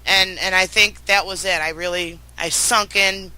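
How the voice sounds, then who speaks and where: Middle-aged woman, very bright voice, earnest emotional storytelling, stumbles and restarts. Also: on the low side, fairly even intonation, measured pace, rough recording. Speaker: guest. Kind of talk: personal storytelling.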